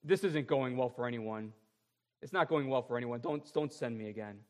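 A man preaching a sermon as a pastor, drawing out repeated phrases and moving between loud stresses and quiet asides. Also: medium pitch. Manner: emphatic, drawn-out repeated phrases, shifting between loud and soft.

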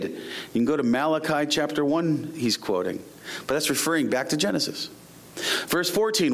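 A man's voice: a little high, animated, moderate pace, creaky. A middle-aged male pastor preaching a sermon, reading scripture aloud and then explaining it with mounting emphasis.

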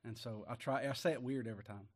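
Country preacher from Kentucky, folksy, keeps asking the congregation questions, booms on the verses. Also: male voice, quick pace. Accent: Appalachian Kentucky. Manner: folksy, asks the congregation rhetorical questions, rises loud on scripture. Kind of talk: sermon.

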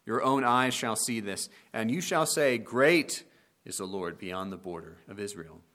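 A man preaching a sermon on a scripture passage, earnest and slowing down to dwell on the quoted verses. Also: lowish voice, animated, fairly bright tone.

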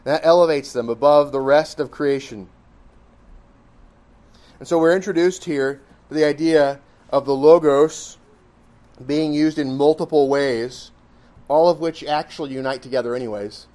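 A man's voice: fairly high pitch, moderate pace, a little mellow. A man preaching a sermon, reasoning through his points step by step with emphasis. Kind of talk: sermon teaching.

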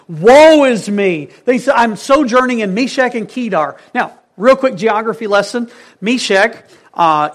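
High-voiced male pastor preaching. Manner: earnest, swings between emphatic and hushed. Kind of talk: sermon.

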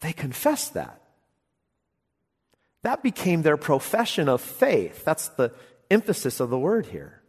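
A man preaching a sermon, emphatic, moving between loud exclamations and quiet, intense asides. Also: on the high side, wildly swooping pitch, a little slow, long pauses, slightly rough, in a large hall.

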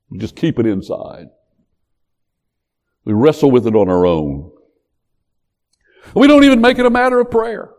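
A man preaching a sermon in an animated, emphatic way. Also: fairly high pitch, moderate pace, long pauses. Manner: animated, emphatic, acts out quotes.

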